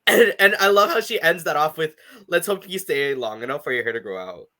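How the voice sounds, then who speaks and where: A man in casual podcast chat, his voice bright and lively. He talks loosely, with plenty of fillers, and laughs often. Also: a little high, fairly quick. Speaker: podcast co-host.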